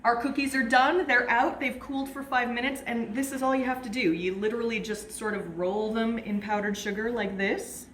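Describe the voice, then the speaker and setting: A woman's voice: on the high side, steady tone, normal speed, few pauses, fairly bright tone, echoey room, slight background noise. A woman hosting a casual home cooking video, talking as she works and chatting while she eats. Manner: chatty, talks while eating. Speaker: host.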